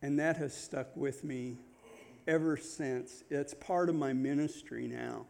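A man's voice: medium pitch, measured pace, creaky, a little mellow. A man from Nebraska speaking as a guest pastor, telling his story to a congregation in a chatty, self-deprecating way with joking asides. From Nebraska, USA. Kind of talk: informal sermon opening, personal storytelling. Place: church in front of a congregation.

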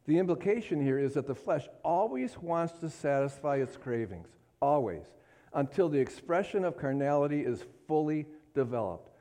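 Warm and mid-range, a man's voice carries a fervent, emphatic sermon. He keeps asking the congregation for amens, building to passionate climaxes.

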